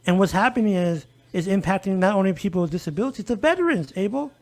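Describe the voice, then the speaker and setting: High-voiced man telling an animated story. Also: fast talker. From El Paso, Texas. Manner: animated storytelling, acts out quoted dialogue. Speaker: disability advocate guest. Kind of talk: casual podcast conversation.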